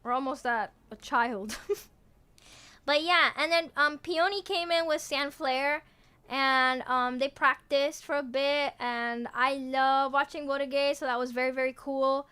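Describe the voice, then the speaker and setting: A young adult woman streaming as a VTuber, chatting casually in a rambling, excitable way full of fillers and restarts. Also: high-pitched, measured pace. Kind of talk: casual livestream chat.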